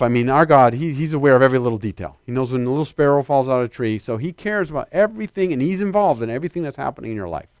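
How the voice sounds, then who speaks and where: A middle-aged man preaching a sermon with lively calls to his congregation. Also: mid-range voice, no echo, studio quality.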